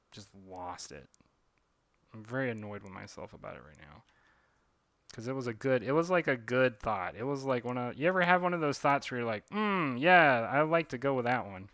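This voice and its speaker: Rambling man with a bright, dry voice. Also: mid-range voice, no echo. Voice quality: rambling, with lots of fillers and self-corrections. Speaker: comic artist streaming his drawing work. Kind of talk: casual livestream chat.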